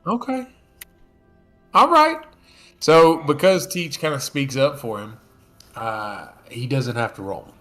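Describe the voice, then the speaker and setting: A man narrating as game master, casual and full of fillers, slipping into quick character lines. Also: mid-range voice, expressive, soft background music.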